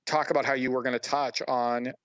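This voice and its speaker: A man's voice: medium pitch, flat delivery, brisk, a bit bright, clean tone, no echo. A man co-hosting a podcast in casual chat, rambling with lots of fillers. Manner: rambling, many fillers like "and whatnot". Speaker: podcast co-host. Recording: slightly dull lo-fi mic.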